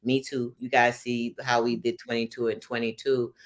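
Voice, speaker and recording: A woman hosting a casual online call. She talks in an animated, rambling way with frequent laughs and restarts. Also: very deep voice, normal speed. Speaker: host. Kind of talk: casual livestream talk. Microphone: video call.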